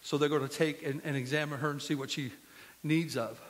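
A man's voice: fairly high pitch, fairly even intonation, a little fast, long reverb tail. A man preaching a sermon as pastor, impassioned and full of storytelling, in a church sanctuary.

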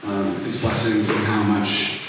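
A young man with a lowish, fairly bright voice speaks unhurriedly and with little pitch movement, giving a loose, rambling testimony between songs at a student concert. Fillers and self-corrections abound, and he is heard from afar in an echoey hall with a little hiss or hum.

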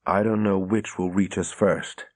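A man voicing an anxious young woman companion in an audiobook, urgent and hushed. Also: low voice, flat delivery, a little slow.

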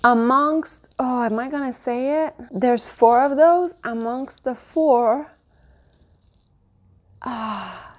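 A woman in her thirties chatting casually at home while showing off a haul, gushing and now and then cooing in a high baby voice. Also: expressive, takes it slowly. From Canada. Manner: gushing, coos in a high baby voice at her dog and cute mugs. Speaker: vlogger. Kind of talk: casual show-and-tell haul.

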